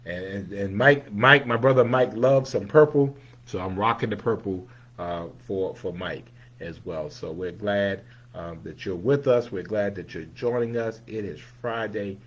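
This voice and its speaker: A man hosting a casual livestream, greeting viewers one by one in a friendly way and dropping into low, mumbled asides between names. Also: a little slow, a bit bright, slightly rough. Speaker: livestream host.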